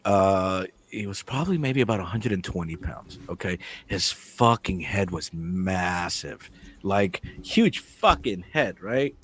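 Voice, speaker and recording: A man telling a story in casual chat, swearing freely and acting out the dialogue with lively energy. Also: sits low, measured pace, husky. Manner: animated, profane, acts out the dialogue. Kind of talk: casual storytelling among friends.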